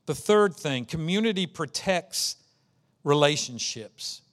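A man's voice: fairly high pitch, expressive, slow, fairly bright tone. Earnest preacher, man. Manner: earnest preaching, acts out quoted voices. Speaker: pastor. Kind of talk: sermon.

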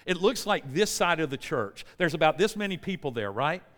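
An American preacher delivering a lively sermon in a church, telling a story with energy and pulling the congregation in. His speaking voice sits on the higher side for a man. A long hall reverb hangs after his words. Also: a little fast. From United States. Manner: animated storyteller, often checks in with the congregation.

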